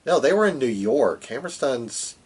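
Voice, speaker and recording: A man's voice: mid-range voice, sing-song, moderate pace, a little mellow, breathy edge. A man co-hosting a podcast in casual chat, sarcastic and crude, with a dry delivery. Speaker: podcast co-host. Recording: distant from the mic.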